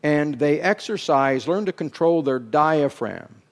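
A middle-aged man preaching a sermon, dropping to hushed, drawn-out phrases and then climbing into loud, emphatic bursts. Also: on the high side, lively intonation. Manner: slow, drawn-out words for emphasis.

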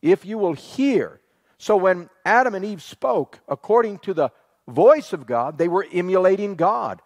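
A man's voice: high voice, expressive, darkish tone. Man preaching a sermon in an echoing hall. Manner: earnest, quotes scripture, dramatic slowdowns on key phrases. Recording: long hall reverb.

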